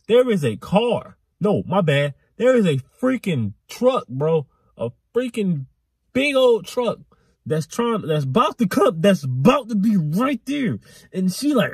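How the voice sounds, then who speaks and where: Animated young man telling a wild story. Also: sits high, slightly rough, dry recording, clean studio sound. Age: young adult. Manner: animated, rambling, repetitive slang. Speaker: vlogger. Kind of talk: storytime vlog.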